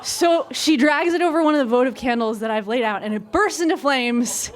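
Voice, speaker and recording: A young woman tells a funny true story on stage in a candid, animated way, and she slips into the voices she quotes. Her voice sits a little high. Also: brisk, slight background noise. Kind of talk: live comic storytelling. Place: stage before a live audience.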